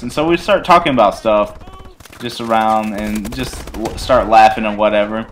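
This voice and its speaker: A man's voice: on the low side, normal speed, a little hiss or hum. A young man casually telling a rambling, funny personal story over gameplay, often breaking into laughter. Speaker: gaming channel host.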